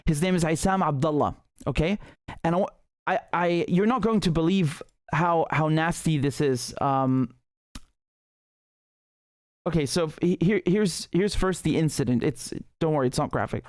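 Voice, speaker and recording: A man's voice: on the high side, moderate pace, no echo. A male host giving heated, emphatic political commentary on a livestream, often restarting his sentences.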